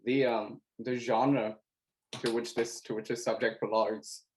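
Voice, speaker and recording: A young man co-hosting a casual podcast over a video call, excitable and joking, swearing often. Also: medium pitch, a little slow, a little hiss or hum, poor audio. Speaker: podcast co-host.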